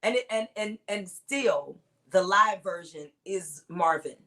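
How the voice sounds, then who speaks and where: A woman, a singer-songwriter guest, telling stories in a relaxed interview with frequent restarts. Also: on the low side, slow pace, poor audio. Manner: storytelling, warm recollection with frequent restarts. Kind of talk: casual interview chat.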